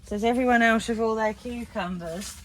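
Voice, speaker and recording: A gardening vlogger with a fairly high voice talks briskly and casually while she gardens outdoors, squealing with delight at each find. Filmed on a GoPro camera, the recording is rough and has slight background noise.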